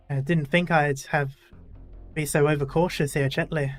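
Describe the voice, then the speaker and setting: A man's voice: a little high, fairly even intonation, moderate pace, soft background music. A male gaming YouTuber reading a game's story dialogue aloud in a casual way, with self-deprecating asides.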